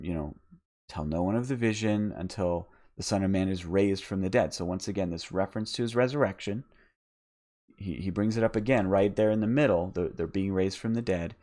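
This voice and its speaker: Low-voiced man teaching the Bible live. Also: a little mellow. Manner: unscripted, frequent restarts and repeated words. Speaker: podcast host and Bible teacher.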